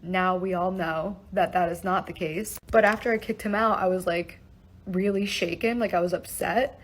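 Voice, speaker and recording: A young woman recounting an upsetting personal event in a casual storytime vlog, talking fast with lots of "like" and swearing, emotional and shaken. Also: lowish voice, fairly even intonation, a little hiss or hum, rough recording. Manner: fast, breathless, heavy use of "like" and swearing.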